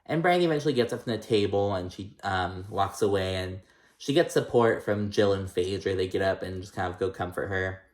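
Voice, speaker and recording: A man's voice: low voice, a little fast, reverberant. A man casually recapping a reality TV episode, chatty and gossipy, with lots of "like" and "um" and free swearing.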